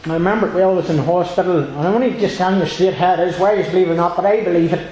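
A man's voice: high voice, very fast, a little mellow, a little hiss or hum. A man giving an earnest, rambling personal testimony at a church meeting, circling back to the same phrases. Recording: very echoey room.

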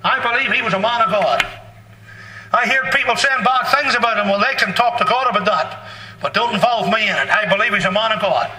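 A man preaching a sermon in a fervent, blunt and folksy way, bursting into shouts. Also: high voice, a little fast. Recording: echoey hall, distant mic.

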